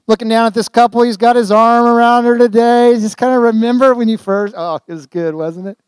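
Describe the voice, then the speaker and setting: A man's voice: extremely high pitch, fairly even intonation, clean tone, dry recording. An older man preaching a sermon in a church, telling folksy stories and asking the congregation rhetorical questions. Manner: folksy storytelling with quick asides and rhetorical questions. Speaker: guest preacher. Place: church sanctuary.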